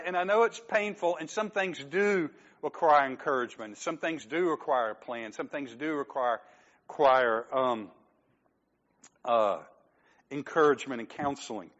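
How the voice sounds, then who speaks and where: A man's voice: medium pitch, normal speed, fairly bright tone, dull audio. A man preaching a sermon as pastor, talking conversationally, joking with the congregation and acting out quoted lines.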